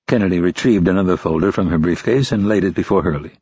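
A man narrates a thriller audiobook steadily. His voice is low and husky. The recording is dull and dry. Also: fast, hardly any pauses, a little mellow, no echo. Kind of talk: scripted narration.

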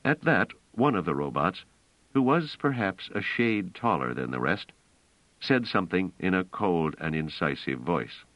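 A male narrator with a very deep voice reads a story in a measured way. The recording is dry and close, with a muffled lo-fi sound. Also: big pitch swings, dry recording. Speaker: audiobook narrator. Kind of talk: scripted narration.

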